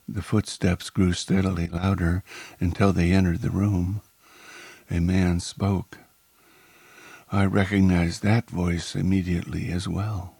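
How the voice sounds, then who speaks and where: A man narrating a first-person story in a calm, unhurried way. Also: deep voice, vocal fry, slightly rough, dry recording.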